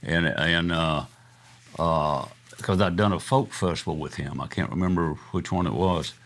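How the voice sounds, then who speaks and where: Deep-voiced older man, rambling stories. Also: moderate pace, fairly bright tone. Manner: rambling, chuckling anecdotes with many fillers. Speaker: guest musician. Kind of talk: casual storytelling interview.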